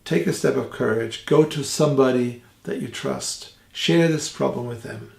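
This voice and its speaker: A middle-aged German man with a German accent, giving an earnest podcast teaching talk slowly and deliberately. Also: mid-range voice, creaky, a little mellow, echoey room. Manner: earnest, slow and deliberate with many fillers. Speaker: theologian and evangelist.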